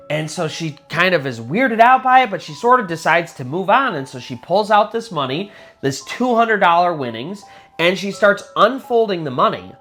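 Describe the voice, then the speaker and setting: A man's voice: high-pitched, sing-song, normal speed, sharp tone, soft background music. A man telling a spooky true story in a casual, conversational way, full of little fillers. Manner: conversational, many fillers like "kind of" and "sort of".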